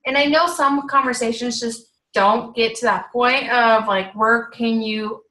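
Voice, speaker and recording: A young woman, a health coach, giving a casual, upbeat talk with many fillers, acting out sample messages in a bright voice. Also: a little high, fairly even intonation, a little slow, echoey room, poor audio.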